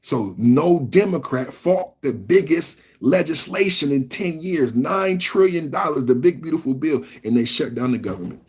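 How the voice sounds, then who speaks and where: A man hosting a live reaction podcast, ranting loudly, repeating himself and talking straight to his chat. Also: fairly high pitch, lively intonation, moderate pace, few pauses, breathy edge. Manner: loud, repetitive, talks straight to chat. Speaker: podcast host.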